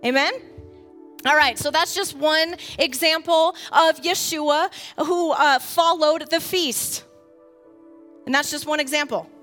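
A woman with a very high, bright voice leads a bible study for a group gathered indoors. She talks with the group directly, then rises into loud, emphatic preaching. Music plays softly in the background. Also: takes it slowly. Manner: animated, swings from quiet asides to loud preaching. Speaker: bible teacher. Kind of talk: interactive bible study teaching.

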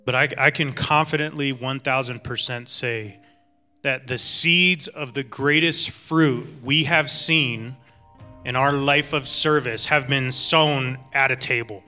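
A man's voice: medium pitch, steady tone, slow pace, sharp tone, faint music behind. A man pastor giving an informal sermon, reflective, repeating phrases and checking in with the room. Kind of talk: informal sermon at a church dinner gathering.

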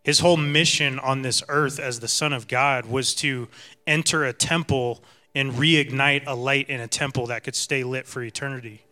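A man reads a passage and reflects on it for the congregation in an unhurried, thoughtful way. His voice sits at a middle pitch with a bright, forceful edge. Faint music runs behind him. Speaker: co-teacher in a congregation. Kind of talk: sermon reflection.

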